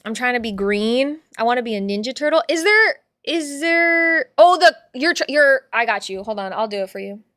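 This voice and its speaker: A woman's voice: on the high side, animated, normal speed, few pauses, a bit bright, no echo. A woman hosting a livestream, chatting casually with viewers in a playful, rambling way and laughing often. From father from Puerto Rico. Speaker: livestream host reading chat.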